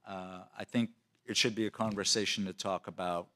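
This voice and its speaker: Man, city department official, casual explaining, lots of ums, slightly low voice. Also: fairly even intonation, moderate pace, sharp tone. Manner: conversational, many fillers and restarts. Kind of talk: answering questions at a council meeting.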